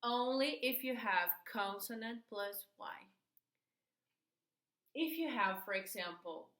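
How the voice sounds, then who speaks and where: A woman teaching an English grammar lesson, slow and patient, repeating key words, a native Portuguese speaker. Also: a little high, expressive, a bit bright, reverberant.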